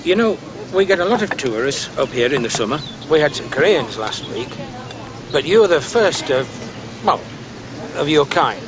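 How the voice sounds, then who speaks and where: An actor playing a chatty, fawning pub landlord who talks eagerly to visitors. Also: male voice, on the high side, big pitch swings, moderate pace, highs cut off, noisy background. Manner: eager, gushing. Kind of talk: TV drama acting.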